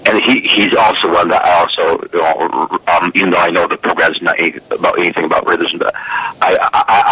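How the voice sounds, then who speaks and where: A man calling in to a talk radio show, hesitant and halting, stumbling and restarting often. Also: low voice, sharp tone, husky, no echo, low-quality recording. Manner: hesitant, many restarts and fillers. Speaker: caller.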